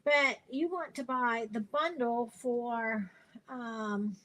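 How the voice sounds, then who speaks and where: A woman's voice: on the high side, takes it slowly, a bit bright, slight background noise, rough recording. Chatty woman, tired and rambling. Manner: chatty, rambling, many fillers and restarts. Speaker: craft demonstrator hosting a live stream. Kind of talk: casual live-stream chat.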